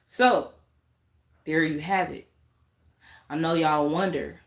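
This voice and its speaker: A woman's voice: low voice, slow pace, long pauses, reverberant. A woman, ranting emphatically in a candid vlog and repeating her points. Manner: emphatic and repetitive, talks with her hands. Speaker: YouTube vlogger. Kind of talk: candid vlog rant to camera.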